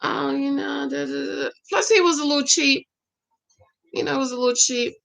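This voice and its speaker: Sassy high-voiced woman giving dating advice. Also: moderate pace, gravelly. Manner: sassy, animated, addresses listener as "girl"; acts out quoted voices. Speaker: relationship advice vlogger. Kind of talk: casual advice chat to women viewers.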